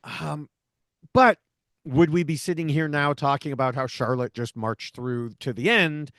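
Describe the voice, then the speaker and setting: A middle-aged man co-hosting a podcast, talking through ideas in a measured, analytical way with many "you know" fillers. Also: on the high side, fairly bright tone, no room sound, clean studio sound. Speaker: podcast co-host, reality TV commentator. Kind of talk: casual podcast discussion.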